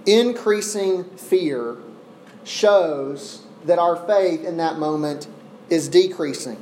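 A man preaching an expository sermon, earnest, slowing down and pausing to press each point. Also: on the high side, a little mellow. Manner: earnest, with deliberate slow pauses for emphasis. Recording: echoey room with faint ambient noise.

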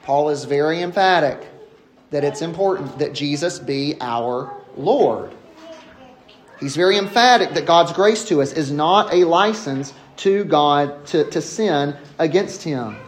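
A man preaching an expository sermon, emphatic, slowing down to stress key phrases. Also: on the high side, expressive.

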